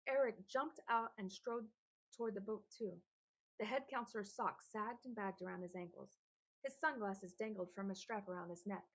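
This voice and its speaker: Gravelly, husky woman narrating a kids' novel. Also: medium pitch, moderate pace, poor audio. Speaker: audiobook narrator.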